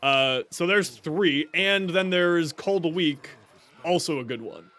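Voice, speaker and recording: A man's voice: a little high, slow, fairly bright tone. A male streamer giving casual gameplay commentary, a chatty storyteller who laughs often, talking into a desk mic.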